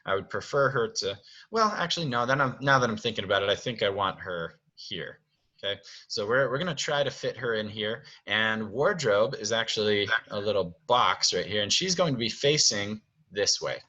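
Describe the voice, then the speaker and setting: A man's voice: lowish voice, expressive, normal speed, pushed and bright, muffled recording. A man directing a show, explaining stage blocking in a friendly way and thinking aloud. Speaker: theater director.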